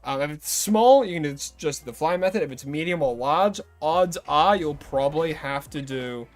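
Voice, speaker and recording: A man's voice: a little high, lively intonation, moderate pace. A young Australian man chatting casually with his viewers as a game streamer, greeting them and rambling between tips. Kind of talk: casual live-stream chat.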